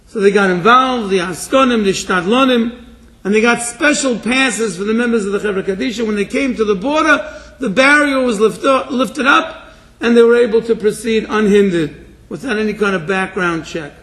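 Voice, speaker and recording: High-voiced man preaching a sermon. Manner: animated preacher, swings from hushed storytelling to shouted exhortation. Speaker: rabbi. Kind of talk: sermon with storytelling.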